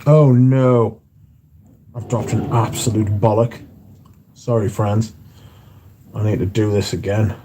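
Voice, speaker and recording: A laid-back man hosting a livestream from home, reading viewer comments aloud and joking back with an easy, profane banter. His voice sits at an ordinary pitch with a dark, mellow tone, and a faint hum of ambient noise lies under it. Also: fairly even intonation, unhurried. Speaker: livestream host reading chat. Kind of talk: casual chat. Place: indoors at home.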